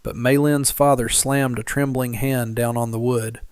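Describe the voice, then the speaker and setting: A man narrating a scripted Western story in a measured, dramatic way, and calling on listeners to comment and like. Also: mid-range voice, steady tone, a little mellow, clear, resonant tone, no room sound, clean studio sound.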